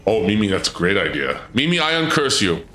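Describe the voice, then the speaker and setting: A man live-streaming, chatting with his viewers in an excitable, stammering way, his voice often leaping up when surprised. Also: lowish voice, brisk. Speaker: livestreamer. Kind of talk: live-stream chat banter. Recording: echoey room with game music behind.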